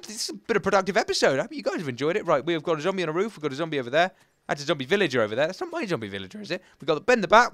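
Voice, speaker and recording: A young man giving excitable, chatty, self-mocking commentary while playing a video game. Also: a little high, no echo. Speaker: gaming channel host. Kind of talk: Let's Play commentary.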